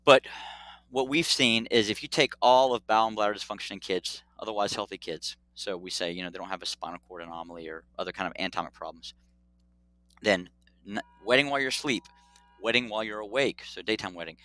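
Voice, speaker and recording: Bright-voiced animated male doctor. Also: fairly low pitch, fast talker, no echo. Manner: animated, acts out dialogue, laughs often. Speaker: pediatric urologist guest. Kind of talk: casual storytelling interview.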